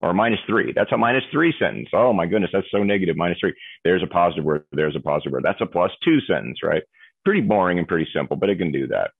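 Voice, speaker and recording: A deep-voiced man with a husky edge explains technology as an interview guest, acting out little examples as he goes. The sound is tinny and phone-like, with a dry, close feel. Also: big pitch swings, quick pace, no room sound.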